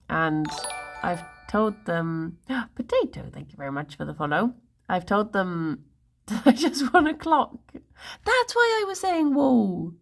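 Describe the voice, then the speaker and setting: A woman's voice: fairly low pitch, vocal fry. A woman in her thirties with an English accent, chatting casually and playfully with stream viewers, giggling often. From England. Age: 30s. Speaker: livestreamer.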